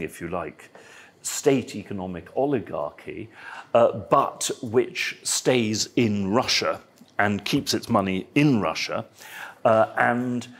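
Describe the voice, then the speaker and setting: A man speaking at an academic roundtable, halting and digressive, with dry asides. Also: fairly low pitch, breathy edge. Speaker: roundtable panelist. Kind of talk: academic panel discussion. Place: symposium panel.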